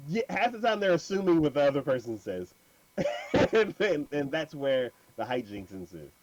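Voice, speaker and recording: A man's voice: a little high, moderate pace, dull audio, background noise. A man hosting an anime podcast, retelling an episode in casual chat with lots of fillers and laughter. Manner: animated storytelling with many fillers and laughs.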